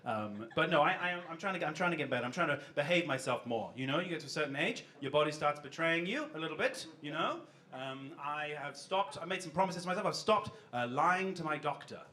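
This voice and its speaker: On a club stage, a stand-up comedian with a voice on the high side rambles through a self-deprecating set and banters with the crowd. He's expressive and fast with few pauses, and the live recording carries slight background noise and loud audience laughter.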